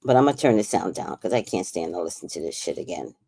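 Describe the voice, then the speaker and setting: A woman with a New York accent talks through a livestream in a low, husky-bottomed voice that swoops up and down with lively intonation. She is outspoken and swears freely, addressing viewers directly. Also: fast talker. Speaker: livestream commentator. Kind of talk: casual livestream commentary.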